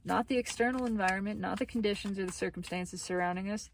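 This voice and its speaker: A woman's voice: mid-range voice, quick pace, a little hiss or hum. Casual woman giving a tarot reading. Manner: animated, laughs often, swears casually. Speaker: tarot reader.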